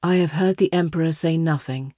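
A woman's voice: deep voice, a little fast, dark tone, no echo, studio quality. A woman voicing a careful, guarded young male secretary in a storybook reading. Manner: careful, composed.

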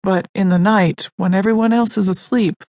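A woman reading the part of a calm, gentle young man, speaking to his mother in a soft, measured way. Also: medium pitch, no echo, natural voice. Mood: fearful.

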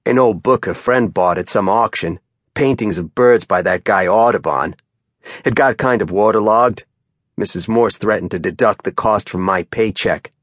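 A man doing a huge rough backwoodsman with a thick Down East Maine accent, talking plainly and humbly in an audiobook. The voice sits a bit higher than the narration, close and dry. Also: moderate pace, a bit bright, no room sound. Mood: confiding.

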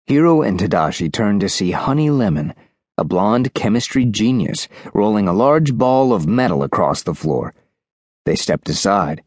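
A male audiobook narrator reading a children's story with lively, animated delivery. His voice sits on the low side and moves a lot, recorded close and dry. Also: normal speed, no room sound. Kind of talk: scripted narration.

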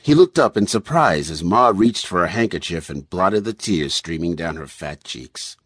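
Low, husky male audiobook narrator. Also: moderate pace, no room sound. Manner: expressive storytelling. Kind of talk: scripted narration.

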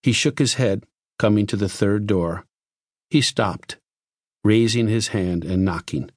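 An audiobook narrator reads a science fiction story in a measured, expressive way. His voice sits on the low side, and the recording is clean studio sound with no room noise.

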